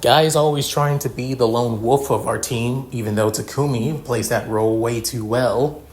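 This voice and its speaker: A man's voice: medium pitch, moderate pace, a little mellow. A man narrating his own fan fiction in a rambling style, with frequent restarts and fillers. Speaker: story reader.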